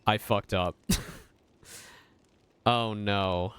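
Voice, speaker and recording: A man's voice: lowish voice, fairly even intonation, extremely slow, fairly bright tone, clear, resonant tone. A man streaming a game, chatting casually and swearing freely. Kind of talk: casual gaming commentary.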